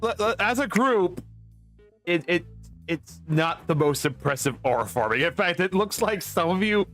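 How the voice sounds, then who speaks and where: An animated man running a tabletop game, talking in bursts and restarting his sentences. His voice rides a little high and swings widely in pitch as he narrates for his players. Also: moderate pace, soft background music. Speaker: game master.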